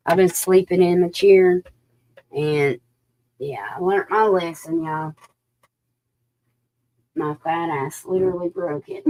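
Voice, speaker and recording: Casual woman, psychic reader on a live stream, low-pitched and unhurried, slipping into whispers. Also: animated, dark tone. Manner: folksy, chatty, drops into whispers. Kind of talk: live-stream tarot reading chat.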